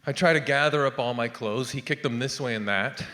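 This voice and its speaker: A man's voice: medium pitch, fairly quick, background noise. A man in his thirties performing a rambling stand-up comedy set, with asides to the crowd. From Canada. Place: theatre stage. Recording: long hall reverb of a theatre.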